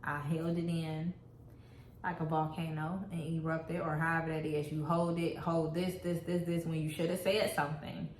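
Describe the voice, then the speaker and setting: A woman speaks candidly and reflectively in a casual relationship chat, her voice sitting a little low for a woman. The room around her is echoey, with a faint hiss underneath. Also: level tone, moderate pace. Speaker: co-host.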